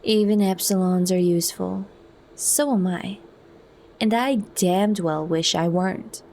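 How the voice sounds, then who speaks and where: A restless, brooding young man, bitter and searching, as a woman puts him on in whispered role-play. He speaks slowly and in a low register, quiet and close. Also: steady tone, slight background noise.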